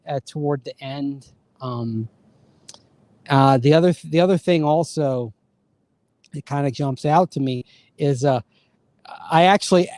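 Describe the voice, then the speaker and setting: A man co-hosting a sports talk show, speaking a little higher than most men in a close, dry studio sound. He rambles, stammering and restarting his thoughts as he chats casually. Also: dry recording. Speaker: sports radio co-host.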